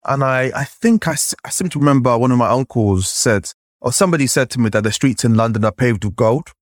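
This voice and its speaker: A man from Nigeria, a podcast guest, recounting his childhood in a lively storytelling way, often saying "like" and acting out the voices he remembers. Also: mid-range voice, brisk, dry recording, clean studio sound. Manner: animated, acts out remembered voices, frequent "like". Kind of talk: storytelling in conversation.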